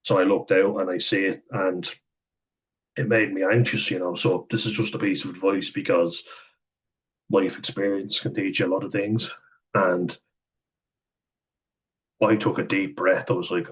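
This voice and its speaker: A man's voice: sits low, level tone, normal speed, pauses often, husky, rough recording. A young Irish man telling candid, sweary stories in a casual vlog, chuckling now and then. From Ireland. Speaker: vlogger. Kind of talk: casual storytelling monologue.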